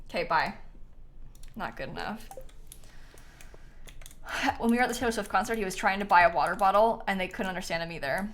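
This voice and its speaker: A woman's voice: medium pitch, brisk, pauses often, a bit bright. A woman livestreaming a game, chatting casually with her viewers and laughing often. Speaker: game streamer.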